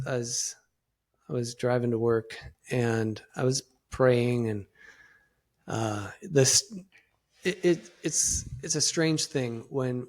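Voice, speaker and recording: A middle-aged man talks as a podcast guest in a plain, mid-pitched voice. He speaks reflectively and haltingly, restarting his sentences often as he works through his thoughts. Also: darkish tone. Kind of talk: conversational interview.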